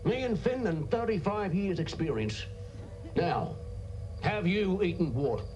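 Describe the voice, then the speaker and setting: An actor playing a gruff, bossy male sewage worker on a spaceship who scolds and drops his voice low on insults. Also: lively intonation, measured pace, a little mellow, faint music behind. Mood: scolding.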